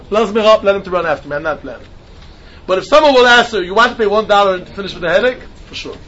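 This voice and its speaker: A man with a high, sharp, bright voice gives a Talmud lesson in English. He keeps asking himself questions, answers them, and goes over each point again. The recording is dull and lo-fi. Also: a little hiss or hum. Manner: asks and answers his own questions, repeats points. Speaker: Talmud teacher. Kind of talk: lecture on Talmudic texts.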